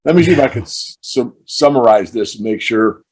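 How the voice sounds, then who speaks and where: Man in a measured, explanatory podcast chat. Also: medium pitch, animated, darkish tone, breathy edge. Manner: measured, explains in long run-on thoughts. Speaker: show host. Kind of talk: casual podcast conversation.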